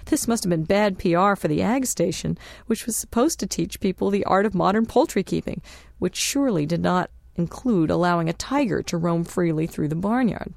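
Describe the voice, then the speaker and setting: A woman narrating a travel memoir as an audiobook, in a measured, unhurried reading. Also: fairly low pitch, lively intonation, vocal fry, a little mellow, no echo, studio quality.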